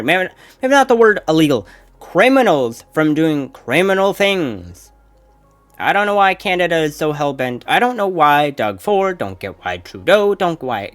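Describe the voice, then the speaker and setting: Sarcastic, ranting commentator; animated, bouncy delivery over faint music. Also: medium pitch. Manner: exasperated, repetitive ranting. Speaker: political commentator.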